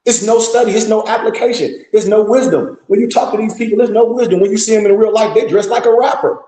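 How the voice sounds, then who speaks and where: Speaking quickly in a high, warm voice with fairly even intonation, this man delivers a preaching lecture to a group as their teacher. He is blunt, scolding and profane, leaning on rhetorical questions, and the room echoes around him.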